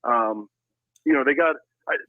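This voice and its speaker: A man's voice: mid-range voice, a little slow, no echo. Male caller over a tinny phone line. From Pennsylvania. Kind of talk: phone-in sports chat.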